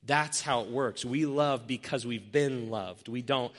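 A man preaching a sermon, telling an everyday story and acting out its scenes with lively shifts in voice. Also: mid-range voice, unhurried. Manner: animated, acts out scenarios with changing voices. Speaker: pastor. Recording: long hall reverb.

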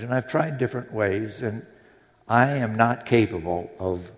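A man preaching a sermon in a church, earnest and personal, with readings from scripture. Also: on the low side. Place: church sanctuary. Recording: long hall reverb.

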